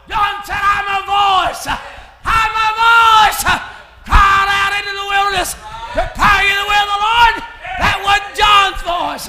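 A man's voice: very high voice, very noisy. A man, preaching a sermon in a hollering, chanted style. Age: 60s. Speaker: pastor. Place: church. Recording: echoey church with congregation.

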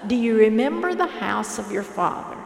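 A woman voicing a calm, gentle eldest brother who speaks softly and earnestly. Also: on the high side, moderate pace, gravelly. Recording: echoey hall reverb.

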